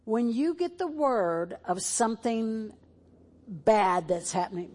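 A woman's voice: on the high side, expressive, takes it slowly, darkish tone. A woman preaching a sermon in a church, moving between fervent exhortation and tearful emotion. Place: church sanctuary, televised.

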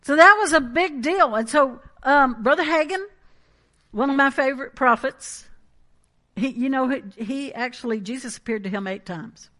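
A woman delivers a sermon with animated emphasis and chatty asides. Her voice sits high and sounds bright. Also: moderate pace. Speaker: preacher.

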